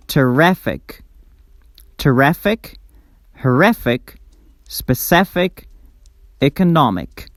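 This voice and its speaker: Male pronunciation teacher, slightly high voice, carefully articulated lesson delivery, very slow. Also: no echo. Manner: carefully over-articulates and repeats each example word.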